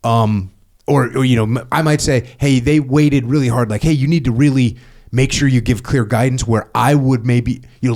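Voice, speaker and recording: A man's voice: mid-range voice, moderate pace. Middle-aged guy on a podcast, loose rambly chat, does little voices for quotes. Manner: rambling, animated, acts out quoted dialogue. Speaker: podcast host. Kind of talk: casual conversation.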